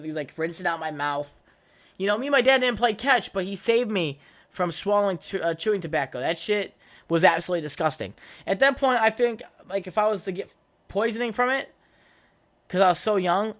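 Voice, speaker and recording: His voice sits high with a fairly bright tone, and he talks fairly quickly. The young man hosts a solo podcast, rambling profanely through childhood stories with lots of fillers and restarted sentences.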